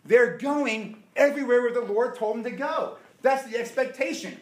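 A man preaching a sermon, animated and firing rhetorical questions at his listeners. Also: very high voice, moderate pace, few pauses. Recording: echoey room.

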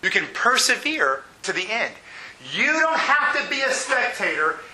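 A man's voice: very high-pitched, big pitch swings, measured pace, sharp tone, low-quality recording. A middle-aged man preaching a sermon, earnest and personal, building to fervent emphasis. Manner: personal storytelling with laughs. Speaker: pastor.

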